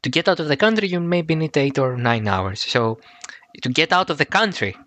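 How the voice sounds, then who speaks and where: A man from Greece with a Greek accent hosting a podcast, speaking haltingly with many fillers. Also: a little high, animated, fairly bright tone, dry recording. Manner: halting, frequent "uh" and "um", laughs often. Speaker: podcast host. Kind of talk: casual podcast chat.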